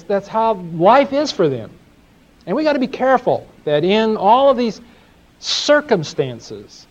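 A man teaching a sermon, telling folksy stories and asking his audience questions. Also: high voice. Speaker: Bible teacher. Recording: dull lo-fi live recording.

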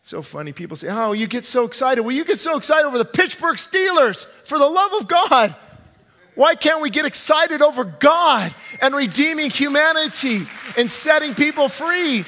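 In a church sanctuary, a male pastor preaches a sermon, swinging from hushed pleading to fervent shouting and repeating phrases for emphasis. His voice is very high-pitched and sing-song at normal speed, with big-room sound.

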